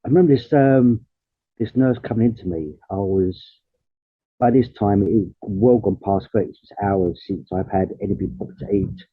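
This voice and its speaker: A man's voice: lowish voice, moderate pace, slightly rough, no room sound. A young man plainly retelling his own illness story, with many fillers, on tinny audio. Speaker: patient sharing his story. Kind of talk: personal testimony.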